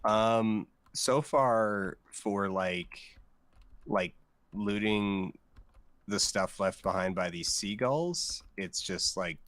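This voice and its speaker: A man's voice: lowish voice, extremely slow, fairly bright tone, no room sound. A man playing a game alongside a streamer, chatting casually in a dry, teasing, hesitant way. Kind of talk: casual gaming chat.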